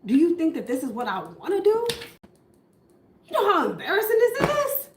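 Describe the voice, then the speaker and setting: A woman's voice: mid-range voice, normal speed, a little mellow, a little hiss or hum, lightly acted. A woman plays a controlling, abusive man who swears freely and blames his partner for everything. The voice rings in a roomy space with noticeable echo. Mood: ranting, furious. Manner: profane, blaming, self-pitying rants.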